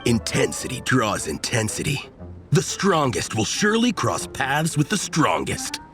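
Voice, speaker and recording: A grandiose comic-fan zealot. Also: male voice, medium pitch, wildly swooping pitch, unhurried, music in the background. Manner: grandiose, declaiming in mock-heroic tones. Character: theatrical young male comic-book fan, Tang Yi Gang.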